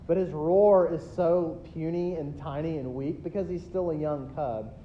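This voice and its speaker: A pastor in his thirties preaching a sermon, swinging between loud emphatic builds and quiet asides. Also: normal speed. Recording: dull lo-fi recording with faint rumble.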